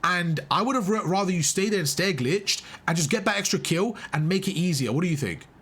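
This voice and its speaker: A man's voice: high-pitched, expressive, fairly quick, fairly bright tone, husky. A young man coaching a player live through a match, emphatic and full of praise, repeating his instructions. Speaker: game coach. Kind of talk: live gameplay coaching commentary.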